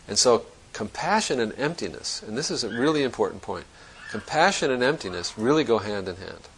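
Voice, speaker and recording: A man's voice: medium pitch, animated, fairly quick, a bit bright, slight background noise, poor audio. A man giving a Zen dharma talk to students, thinking aloud in a reflective, conversational way and often restarting his sentences. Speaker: Zen teacher.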